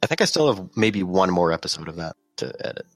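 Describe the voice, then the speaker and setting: A man's voice: sits low, very animated, fast talker, a bit bright, no echo, faint music behind. A teenage boy chatting casually as a podcast guest, blunt and jokey. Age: teens. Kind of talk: casual chat.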